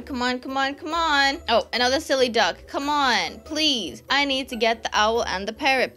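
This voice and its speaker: A woman doing excited gameplay commentary, gushing over cute pets and pleading for rare ones. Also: a little high. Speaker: gaming YouTuber. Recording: faint background music.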